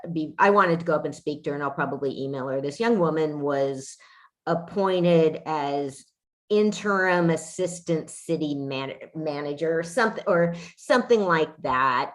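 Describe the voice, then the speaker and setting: A woman podcast host chatting casually, fired up and indignant, swearing often as she talks. Her voice sits low, and she speaks slowly, often stopping to restart a sentence. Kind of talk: casual chat.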